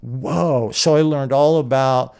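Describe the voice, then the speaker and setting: A man's voice: mid-range voice, fairly even intonation, slow, vocal fry, a little mellow, smooth. Rambling storyteller man hosting an interview. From California. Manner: rambling anecdotes with acted-out quotes and laughs. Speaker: podcast interviewer.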